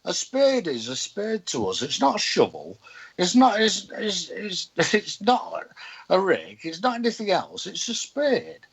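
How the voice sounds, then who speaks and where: Blunt lively Hull man. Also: sits high, a little slow, gravelly, rough recording. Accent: Hull, Yorkshire. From Hull, England. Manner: blunt, outspoken, swearing freely. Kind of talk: casual chat.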